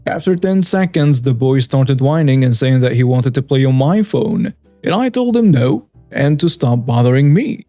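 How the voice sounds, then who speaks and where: Dark-voiced male story narrator. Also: medium pitch, animated, normal speed, no room sound, soft background music. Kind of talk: scripted narration.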